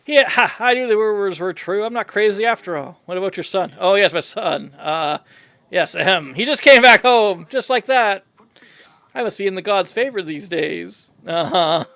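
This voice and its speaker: A man's voice: high-pitched, animated, moderate pace, vocal fry, pushed and bright, dry recording. A man casually playing through a story game, playfully reading every character's dialogue aloud in his own voice. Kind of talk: casual game playthrough commentary.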